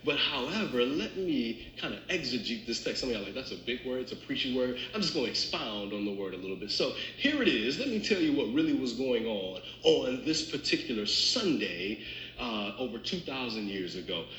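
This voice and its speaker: A male pastor preaching in a church, bright and forceful in tone, chatting with his congregation as he tells funny stories. His voice rings through a roomy sanctuary with plenty of echo. He keeps the delivery animated and conversational. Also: mid-range voice, fairly quick, slight background noise. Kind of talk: storytelling sermon with humor.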